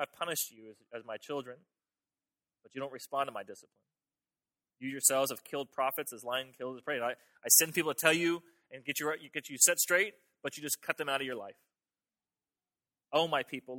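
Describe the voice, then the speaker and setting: Male pastor, conversational sermon delivery with frequent restarts, very bright timbre, dry close sound. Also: on the high side, no echo. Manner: conversational preaching with repeated restarts, voicing God and the congregation.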